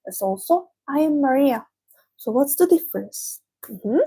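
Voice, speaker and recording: A woman teaching a language lesson, patiently explaining and repeating examples slowly. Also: high-pitched, animated, dark tone.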